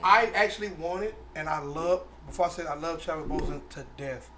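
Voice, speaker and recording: A man chatting on a podcast with a fairly high voice and a quick pace. He talks in an animated way and keeps restarting his sentences. Faint room noise hangs behind him. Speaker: podcast co-host. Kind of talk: casual group chat.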